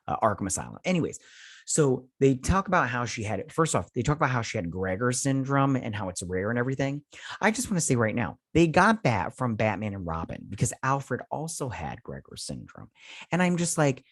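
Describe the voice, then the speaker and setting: A man's voice: mid-range voice, very animated, a little fast, fairly bright tone, husky, no echo, clean studio sound. A man hosting a casual TV episode recap and review, rambling with lots of fillers and sounding exasperated. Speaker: TV review host.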